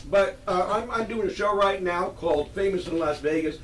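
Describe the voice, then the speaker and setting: Man, rambling self-deprecating stand-up, halting delivery, roomy distant sound. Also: high voice. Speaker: stand-up comedian. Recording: roomy live venue, distant mic.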